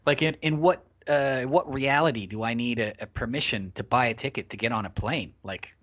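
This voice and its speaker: A man's voice: mid-range voice, a little fast, fairly bright tone. A man, a podcast guest, telling a long travel anecdote in casual, profanity-laced talk. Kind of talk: casual storytelling.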